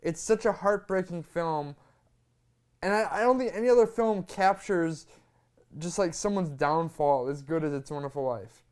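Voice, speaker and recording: A man's voice: a little high, moderate pace, darkish tone, smooth. A man co-hosting a casual movie review chat, talking earnestly and rambling a little, on a lapel mic. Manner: earnest, rambling with many "like" fillers.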